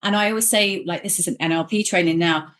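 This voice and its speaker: A middle-aged woman hosting a podcast, chatting warmly and acting out quoted voices as she tells stories. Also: on the low side, fast talker. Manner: animated storyteller, acts out quoted voices. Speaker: podcast host. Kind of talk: casual conversation.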